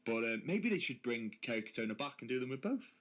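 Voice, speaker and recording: A man's voice: medium pitch, very animated, quick pace, a bit bright. An English man co-hosting a local radio comedy show, casual and teasing, often breaking into laughter, speaking from a studio. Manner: jokey, giggly, teasing banter. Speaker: radio co-host.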